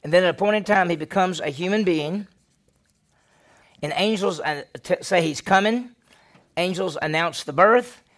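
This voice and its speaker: A man, a senior pastor, teaching a Bible lesson in an animated storytelling way and quizzing his class with questions. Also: high-pitched, normal speed, pauses often.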